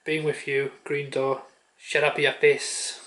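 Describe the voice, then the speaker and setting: A man's voice: fairly high pitch, monotone, slow pace, fairly bright tone. A man vlogging at home, chatting offhand with a handheld camera, muttering and swearing casually. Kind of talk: casual chat.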